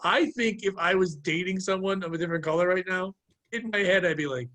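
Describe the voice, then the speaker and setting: Man, podcast co-host, high voice, husky, crude joking banter. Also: expressive, quick pace, pushed and bright. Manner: joking, mocking voices, laughs a lot.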